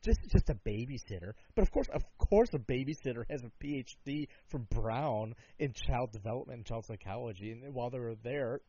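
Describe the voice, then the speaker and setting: Sarcastic, husky man ranting. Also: medium pitch, brisk, hardly any pauses. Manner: sarcastic, profane, swings between loud outbursts and mutters. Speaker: co-host. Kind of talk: comedic ranting. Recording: dull lo-fi recording.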